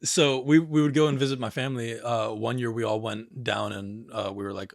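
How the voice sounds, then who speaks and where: Young man, casual podcast chat, gravelly, rambling, swears a lot, dry sound. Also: medium pitch, fairly even intonation, fairly quick, few pauses, dry recording. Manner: rambling, swears often, many fillers. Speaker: podcast guest.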